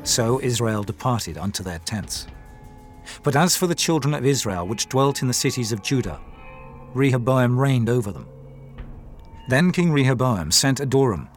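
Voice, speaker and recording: A man narrating a dramatized scripture reading in a measured, formal manner. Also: medium pitch, animated. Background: faint music.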